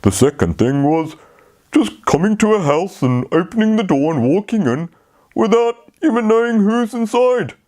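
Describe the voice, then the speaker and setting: A man telling a fairy tale to children, speaking slowly and talking to them directly. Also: high voice. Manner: slow, lively, talks to the children. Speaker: storyteller. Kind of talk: children's storytelling.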